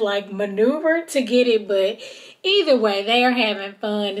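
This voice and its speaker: A woman hosting a podcast, telling a reality-show episode in casual chat and quoting the cast as she goes. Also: medium pitch. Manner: chatty, animated retelling with quoted voices. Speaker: podcast host.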